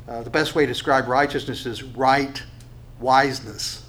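A man preaching an expository sermon in a conversational way, with fillers, restarts and questions to his listeners, slowing down to read scripture aloud. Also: mid-range voice, steady tone, a bit bright, slight background noise, poor audio. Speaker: pastor.

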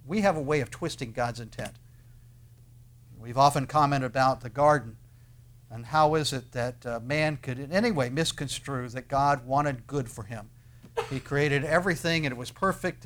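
A man delivering a sermon in an earnest preaching voice of middle pitch. He slows down and pauses for weight, then lifts his voice on the words he wants to stress. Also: fairly bright tone. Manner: earnest preaching with dramatic pauses and swells of emphasis. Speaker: pastor.

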